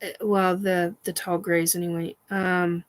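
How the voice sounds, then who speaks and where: A woman's voice: on the low side, level tone, measured pace, low-quality recording. A woman hosting a casual paranormal chat stream, rambling with many fillers, defiant and swearing.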